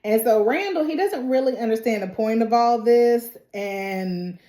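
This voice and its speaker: A woman talks through a TV episode in a relaxed, chatty recap. Her voice sits slightly high, and she keeps it lively with sassy side comments and frequent laughs. The room around her gives off a noticeable echo. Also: a little slow. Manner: animated, sassy asides, laughs often. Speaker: TV recap host. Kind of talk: casual recap and reaction.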